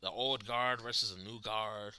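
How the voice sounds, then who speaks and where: A man's voice: lowish voice, unhurried, no echo. A man hosting a live reaction stream, chatting casually with viewers and laughing often. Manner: animated, laughs often, talks to chat viewers. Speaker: livestream host reacting to wrestling.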